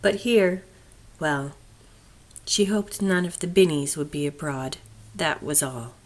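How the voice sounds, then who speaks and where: Low-voiced woman reading a classic novel. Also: takes it slowly. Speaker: audiobook narrator. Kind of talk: scripted audiobook narration.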